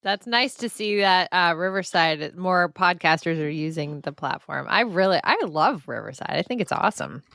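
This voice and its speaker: A woman's voice: on the low side, animated, normal speed, gravelly, few pauses, no echo, clean studio sound. A woman with a light Boston-area accent co-hosting a casual running podcast, laughing often. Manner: giggly, warm-hearted thanks. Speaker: podcast co-host.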